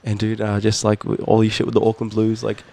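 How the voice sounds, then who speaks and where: A man's voice: on the low side, completely flat delivery, quick pace, heavy background noise. A young man telling a story in casual chat, laughing often and swearing freely. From New Zealand. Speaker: podcast guest, musician.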